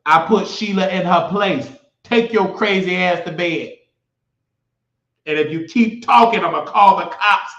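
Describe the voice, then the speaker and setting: A man's voice: high voice, unhurried, fairly bright tone. A man hosting a live stream, talking casually and bluntly, mocking viewers and telling stories. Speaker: livestream host. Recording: echoey, slightly dull sound.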